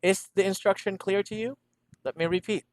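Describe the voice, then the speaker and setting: A man's voice: high-pitched, steady tone, moderate pace, dry recording. A man teaching a one-on-one English lesson over a video call, patiently repeating instructions and laughing often. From Philippines.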